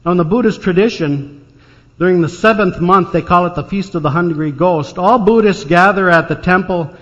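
A man's voice: high-pitched, moderate pace. An older man preaching a storytelling sermon, folksy and anecdotal, with dry jokes. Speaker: pastor. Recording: dull sound in a reverberant church hall.

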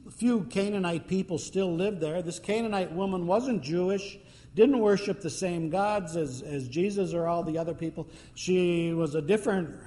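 A male preacher tells his stories in a relaxed, chatty way, often pausing with fillers. His fairly high voice carries a long hall reverb, as if he is speaking in a church. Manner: conversational storytelling with fillers. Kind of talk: sermon.

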